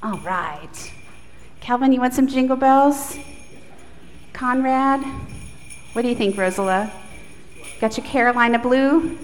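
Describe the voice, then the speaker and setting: A woman pastor leading a prayer, then telling a story to children in an animated, coaxing way. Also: fairly high pitch, unhurried, long pauses. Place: church sanctuary. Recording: echoey church hall, faint noise.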